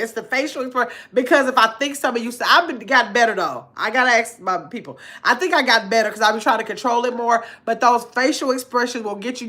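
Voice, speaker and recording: Middle-aged lady chatting on her livestream, reading comments out loud, kinda high voice, voice jumps around a lot. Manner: chatty, reads comments aloud, lively pitch jumps. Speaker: livestream host reading chat. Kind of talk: casual livestream chat.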